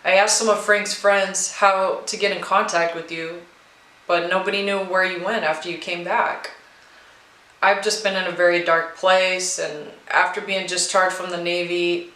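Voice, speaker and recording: Quiet, apologetic female veteran full of guilt, voiced by a woman reading a storybook. Bright tone, echoey room. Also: on the low side, level tone, moderate pace. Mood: grieving. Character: grieving female Navy veteran, guilt-ridden, withdrawn.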